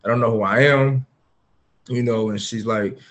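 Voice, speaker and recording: A man's voice: medium pitch, fairly even intonation, moderate pace, a bit bright, muffled recording. A man guest on a podcast, candidly recounting a personal story in an earnest, open way with frequent fillers. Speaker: podcast guest, former pro football player.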